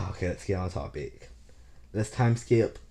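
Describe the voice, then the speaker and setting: Deep, mellow man, rambling casual storyteller, stammery and foul-mouthed. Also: unhurried, vocal fry, a little hiss or hum. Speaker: fan fiction storyteller.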